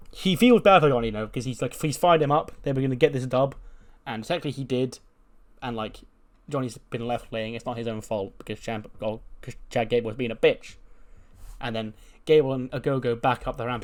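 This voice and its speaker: A man's voice: mid-range voice, brisk. A man casually recapping a wrestling booking game, chatty and full of fillers. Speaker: gaming YouTuber. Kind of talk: casual commentary on a wrestling sim.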